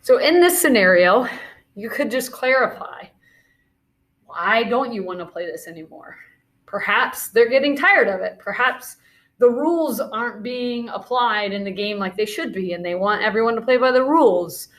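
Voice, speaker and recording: A woman's voice: fairly high pitch, lively intonation, normal speed, a bit bright. Upbeat woman teacher giving a lesson. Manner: encouraging, calls out movement commands. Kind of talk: classroom video lesson with movement breaks.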